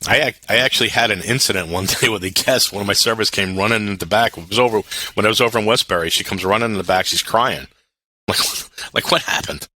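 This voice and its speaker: A man in his fifties from Brooklyn, a podcast guest telling lively restaurant stories and acting out the voices of the people in them. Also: on the low side, fast. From Brooklyn, New York. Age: 50s. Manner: animated, acts out other people's voices, repeats words when starting. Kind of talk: casual storytelling.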